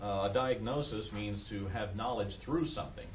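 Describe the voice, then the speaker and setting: A man's voice: fairly low pitch, moderate pace, crowd noise. A man giving a church lecture, explaining step by step with frequent ums and uhs and checking that listeners follow. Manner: explanatory, many ums and uhs, asks if it makes sense. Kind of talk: church adult education lecture. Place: church classroom.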